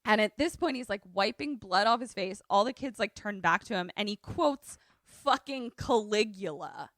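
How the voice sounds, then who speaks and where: A woman's voice: mid-range voice, normal speed, no echo, clean studio sound. A woman podcast co-host recapping a movie in casual chat, swearing freely and acting out the characters' lines. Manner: animated storytelling, swears freely, acts out quotes.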